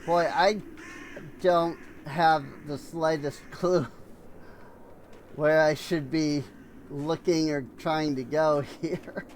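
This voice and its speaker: A man streaming a game, rambling slowly with lots of fillers and yawning as he plays. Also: fairly high pitch, steady tone, a little hiss or hum. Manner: rambling, unhurried, many fillers and trailing thoughts. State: yawning, tired. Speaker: gaming streamer. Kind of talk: casual let's-play commentary.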